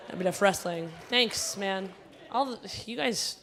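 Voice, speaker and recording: A woman's voice: fairly high pitch, lively intonation, brisk, a bit bright. A woman emcee doing stand-up comedy at a gala, chatty and teasing the audience, with a Connecticut-like American accent, on a stage mic in a large hall. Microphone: handheld stage mic.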